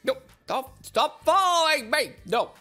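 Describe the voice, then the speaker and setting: A shrieky, frantic male cartoon hedgehog, as a woman puts him on, high and bright, his voice jumping wildly up and down. He keeps begging to be left alone in this improvised game role-play. Faint game music plays underneath. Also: sing-song, measured pace, full character voice. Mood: panicked.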